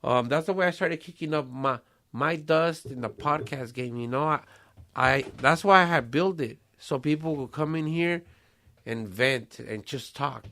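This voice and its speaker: A man's voice: on the high side, measured pace, pushed and bright. A man, hosting a casual podcast chat and talking streetwise slang with Spanish phrases and swearing. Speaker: podcast host.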